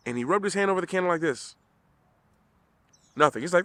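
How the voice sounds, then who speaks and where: Earnest motivational man, slightly high voice. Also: quick pace, a bit bright. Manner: earnest, repetitive restarts, emphatic. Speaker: vlogger. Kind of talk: motivational talk to camera.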